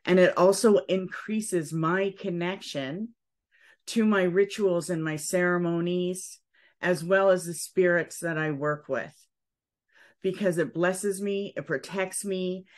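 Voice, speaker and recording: A woman leading a spiritual cacao ceremony at home, speaking gently and soothingly, often checking in with "okay". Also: lowish voice. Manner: slow, gentle, soothing guidance with frequent "okay". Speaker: ceremony leader.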